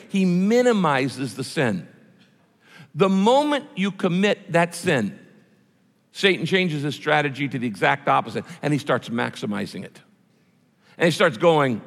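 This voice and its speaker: A male pastor preaches with emphatic repetition, his voice rising and falling in a lively way. His voice is fairly high for a man. It rings with the long reverb of a large hall. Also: unhurried, creaky. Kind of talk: sermon.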